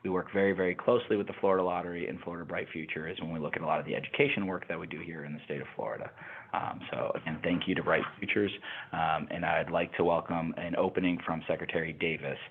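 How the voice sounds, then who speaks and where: A man's voice: low-pitched, steady tone, fast, gravelly, breathy edge. A man hosting a webinar in a loose, chatty way with many fillers. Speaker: webinar host. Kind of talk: casual presenting on a call. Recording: tinny phone-like audio.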